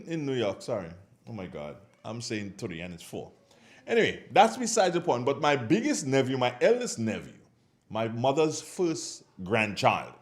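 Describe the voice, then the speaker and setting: A man with a Grenadian accent hosting a morning radio show, chatting casually, rambling and correcting himself as he goes. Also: mid-range voice. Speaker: radio host. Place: radio studio.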